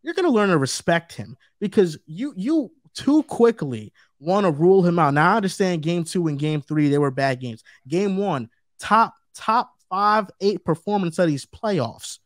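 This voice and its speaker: A man's voice: a little high, expressive, normal speed, hardly any pauses, darkish tone, no echo, studio quality. A man co-hosting a sports debate show, talking emphatically and repeating his points for stress. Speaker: co-host.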